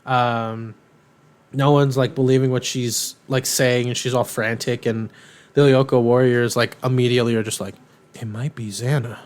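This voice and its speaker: A man's voice: medium pitch, normal speed, clear, resonant tone. A young man co-hosting a podcast, casually recapping a cartoon in a rambling, filler-heavy way. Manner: rambling, filler-heavy, animated retelling with quoted voices. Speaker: podcast co-host.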